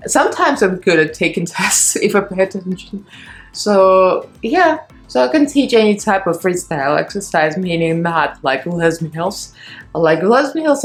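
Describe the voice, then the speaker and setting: A woman in her thirties, a beauty vlogger and fitness instructor, talking in a rambling, candid way with a strained, shaky voice at her beauty desk at home. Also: on the low side. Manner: rambling, candid, laughs between phrases. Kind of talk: chatty get-ready-with-me vlog.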